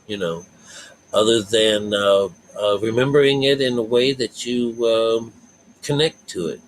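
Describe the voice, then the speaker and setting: A man's voice: on the low side, a little hiss or hum, poor audio. A man giving a rambling, folksy spiritual talk to his viewers, full of fillers and asides. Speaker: spiritual vlogger.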